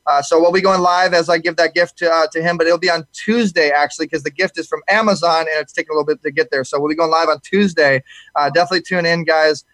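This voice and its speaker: A male talk show host who rambles along with restarts and fillers. His voice sits fairly high for a man. The sound is dry and close, with no room to it. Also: steady tone, fast, a bit bright, dry recording. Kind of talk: casual live talk show chat.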